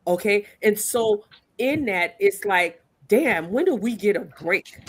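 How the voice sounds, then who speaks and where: A woman's voice: mid-range voice, animated, a little slow. A woman in her sixties on a podcast, talking bluntly and passionately, straight to the host. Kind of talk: casual podcast discussion.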